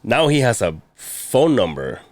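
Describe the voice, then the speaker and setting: A man's voice: mid-range voice, very animated, a little slow, darkish tone, no room sound. A man co-hosting a podcast, talking in crude, rambling casual chat with many restarts. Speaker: podcast co-host.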